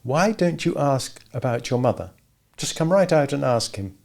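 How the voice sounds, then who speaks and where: A man voicing a stern, earnest teenage girl in a novel, raising his pitch. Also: sing-song, normal speed, gravelly, a little mellow.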